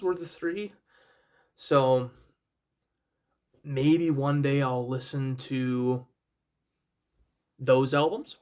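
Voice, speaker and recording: A young man casually reviewing an album, rambling and self-deprecating, with many fillers and restarts and repeated praise. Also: medium pitch. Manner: enthusiastic, repeats praise words.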